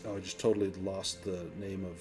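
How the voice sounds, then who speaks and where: A man narrating a tabletop role-playing game as game master, descriptive and unhurried, pausing with fillers. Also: deep voice, little pitch movement, a little mellow, soft background music.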